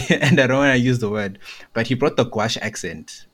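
A man's voice: medium pitch, normal speed, fairly bright tone. A young man chatting casually as a podcast co-host, telling stories and checking in with "right?". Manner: storytelling, keeps checking in with "right?". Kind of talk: casual chat.

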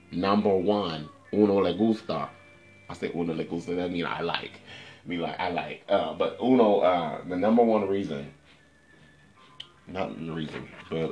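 Male streamer, deep voice, brash and chatty, cursing freely; soft music under. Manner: sassy, swears freely, addresses viewers directly. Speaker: livestream host. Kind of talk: casual livestream chat. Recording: faint music in the background. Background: faint music.

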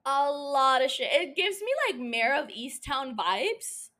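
A woman's voice: sits high, animated, slow, pushed and bright. A woman hosting her own podcast in a playful, profane and chatty solo monologue. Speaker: podcast host.

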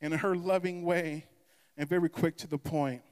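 A man's voice: a little high, fairly even intonation, normal speed, a little mellow, clear, resonant tone. A male pastor preaching a sermon in an impassioned, emphatic way. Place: church sanctuary. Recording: echoey church hall.

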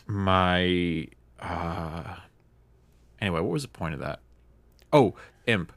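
A young man tells a story in a relaxed, rambling way, often amused. His voice sits very low. The sound is dry and close. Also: slow pace, creaky, no echo. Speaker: storyteller in a casual chat. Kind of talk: casual chat.

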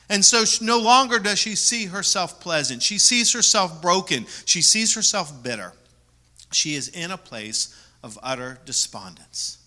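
A man preaching a sermon as pastor, repeating key words for emphasis and moving between loud stresses and soft asides. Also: sits high, expressive, a little slow.

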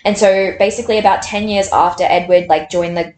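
A young woman in her twenties talks through a novel in a loose, rambling chat, breaking off into animated, incredulous asides. Her voice sits in the middle of the range. It rings in a roomy space with a faint hiss of background noise. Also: medium pitch, a little fast. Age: 20s. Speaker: book reviewer. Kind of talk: casual chat reading aloud from a novel. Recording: roomy echo.

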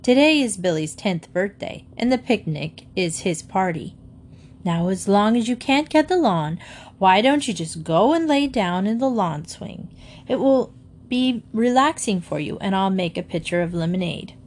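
A woman's voice: mid-range voice, animated, normal speed, a little mellow, close to an everyday voice. A woman doing a sweet, placating housewife. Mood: soothing. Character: patient, soothing middle-aged housewife.

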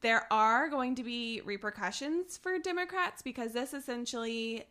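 A woman's voice: on the high side, moderate pace, fairly bright tone. A young woman co-hosting a casual political chat podcast, talking in a chatty way with many fillers and restarts.

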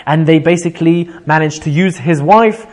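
A man with a fairly high voice teaches an informal Bible class. He retells the story with lively energy, reads out Hebrew verses and then paraphrases them in plain English. He keeps checking in with his listeners with a quick "right?".

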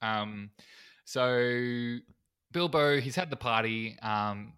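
A man's voice: medium pitch, very slow, sharp tone, clean tone. A man co-hosting a podcast in casual chat, joking and laughing often. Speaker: podcast co-host.

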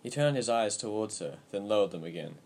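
Man, audiobook narrator, low voice, steady even reading, scripted narration. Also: fairly quick, slight background noise.

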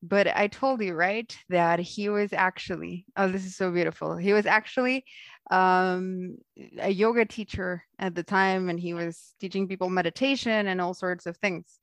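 Animated young woman telling a story. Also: fairly low pitch, normal speed, no echo. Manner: animated, laughs often, acts out quoted voices. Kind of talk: casual storytelling.

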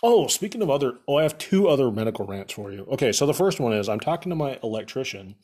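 A man's voice: medium pitch, very animated, fast talker, darkish tone, husky. A young man host telling rambling stories in a casual podcast chat, saying "like" a lot and laughing at his own jokes. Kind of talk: casual storytelling rant.

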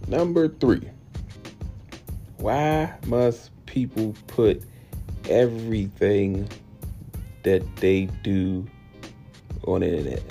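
A young man, hosting a podcast and ranting bluntly and profanely, often jumping into high incredulous tones. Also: slow, pauses often, mellow, soft background music. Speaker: podcast host. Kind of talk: casual podcast rant.

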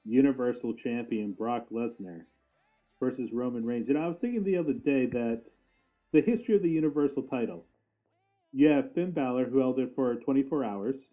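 A man's voice: medium pitch, a little fast, faint music behind. Man on a tinny line, laughing a lot. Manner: laughs often, thinks aloud with fillers. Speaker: podcast co-host. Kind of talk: casual wrestling chat. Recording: tinny phone-like sound.

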